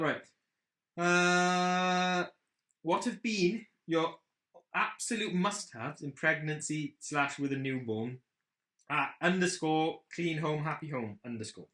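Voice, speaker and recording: A young Welsh man co-hosting a podcast in casual chat, talking fast, joking and swearing. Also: fairly high pitch, lively intonation, bright, forceful tone, reverberant. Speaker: podcast co-host.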